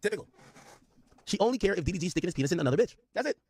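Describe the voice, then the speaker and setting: Fast-talking man, blunt stream commentary. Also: sits high, animated, darkish tone. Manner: blunt, slangy, rapid reading. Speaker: stream host. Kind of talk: casual commentary reading texts aloud.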